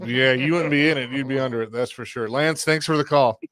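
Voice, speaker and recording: A man hosting a sports talk radio show, easygoing with callers and quick to laugh. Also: mid-range voice, a bit bright, dry recording. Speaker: radio host. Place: radio studio. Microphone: studio mic.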